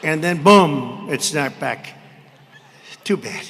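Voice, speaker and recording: Older male candidate, brash and rambling, rather high-pitched, speaking into a podium mic in an echoing arena with faint crowd noise. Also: expressive, takes it slowly. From United States. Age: 70s. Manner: brash, rambling, with mocking asides and shouted lines. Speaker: political candidate at a rally. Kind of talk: campaign rally speech. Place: large arena.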